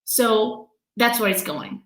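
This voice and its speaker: With a mid-range, expressive voice that is fairly bright, she speaks slowly while coaching viewers live from her home in quarantine. The woman has a non-native accent, talks candidly and emotionally, and laughs often; the audio is poor and roomy.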